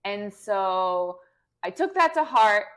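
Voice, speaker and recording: A woman's voice: medium pitch, slow pace. Young woman podcast cohost, chatty storytelling, acts out everybody in it. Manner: animated, acts out voices in her story. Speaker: podcast co-host. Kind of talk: casual storytelling chat.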